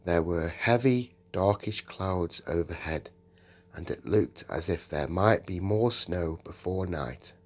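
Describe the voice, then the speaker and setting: A man narrating a children's audiobook in a measured storytelling manner. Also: low voice. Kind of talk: audiobook reading.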